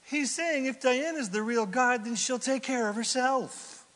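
A man preaching a sermon as pastor, folksy and animated, with sudden loud bursts. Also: very high-pitched, measured pace, long reverb tail.

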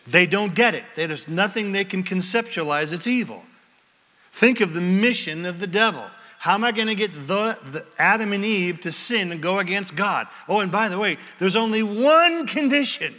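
A male preacher giving an animated sermon, reading scripture and asking the crowd questions. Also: sits high, normal speed. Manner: animated, acts out voices, asks the crowd questions. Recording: long hall reverb.

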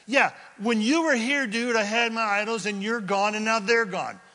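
A man's voice: high voice, normal speed, bright, forceful tone, in a large hall, voice pushed up. A man doing an angry old father-in-law. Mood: indignant. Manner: accusing, indignant.

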